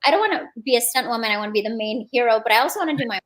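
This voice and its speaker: A woman's voice: a little high, lively intonation, very fast, fairly bright tone. Chatty young woman guest. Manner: casual, filler-heavy, self-reflective. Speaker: guest, aspiring action actress. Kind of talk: radio interview.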